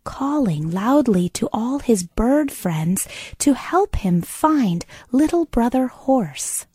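A woman reading a children's bedtime story aloud, narrating slowly and often in a soft half-whisper. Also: fairly high pitch, big pitch swings, husky.

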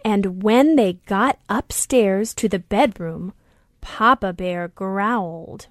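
A woman reading a children's storybook aloud, slow and deliberate. Her voice is mid-pitched and sounds close and dry. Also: no room sound.

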